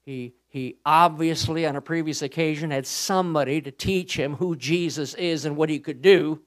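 Male pastor, sermon, impassioned, high-pitched, dramatic swings from soft to loud, drawn-out emphasis. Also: steady tone. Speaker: Baptist pastor.

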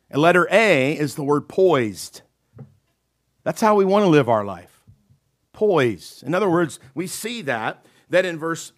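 Guy preaching a sermon, kinda high voice, talks loose and conversational. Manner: conversational preaching, many "okay?" asides; acts out panicked and calm voices in quotes. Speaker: pastor.

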